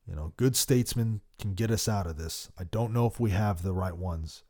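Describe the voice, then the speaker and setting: A man's voice: sits low, normal speed. Heated man on a podcast. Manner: passionate, swings between loud outbursts and quiet worry. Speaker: podcast host. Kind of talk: opinionated political commentary.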